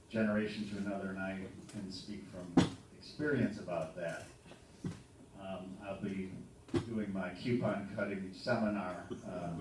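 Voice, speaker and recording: A man in his fifties with a lowish voice tells dry, halting jokes with plenty of ums. He is heard from a distance in a very echoey hall. Room noise carries clearly behind him. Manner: halting, dry humorous storytelling with many ums. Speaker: son giving a birthday tribute. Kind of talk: speech to a party audience. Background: room ambience and audience laughter.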